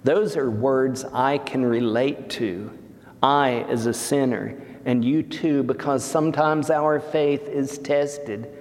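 A pastor preaching a sermon slowly and deliberately, rising for emphasis. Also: male voice, mid-range voice, steady tone, a little mellow. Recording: long reverb of a church hall.

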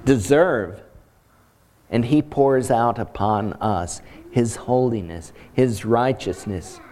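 A man's voice: medium pitch, darkish tone. A man preaching a solemn sermon, retelling a scripture story with emphatic repetition.

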